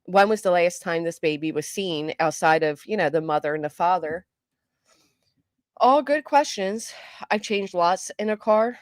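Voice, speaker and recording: A middle-aged woman hosting a live stream, chatting casually with viewers, greeting them by name, and talking fast and loud. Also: on the low side, no room sound, clean studio sound. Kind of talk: casual live chat, reading comments.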